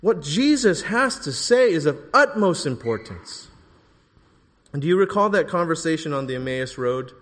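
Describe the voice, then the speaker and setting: A man preaching a sermon in a church, emphatic, rising to forceful bursts on key phrases. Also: fairly high pitch, big pitch swings, normal speed, in a large hall.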